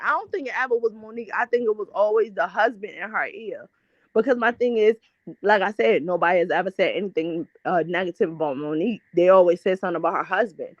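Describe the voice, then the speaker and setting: There's no echo on this dull, dry, lo-fi recording of a mid-range-voiced woman hosting a casual gossip chat. Her talk is blunt and full of swearing, and she rambles with frequent restarts.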